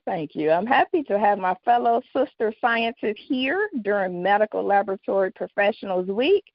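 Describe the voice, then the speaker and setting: A woman hosting a radio interview, asking her guest questions in a measured way. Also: mid-range voice, dry recording. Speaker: host. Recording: dry, muffled lo-fi sound.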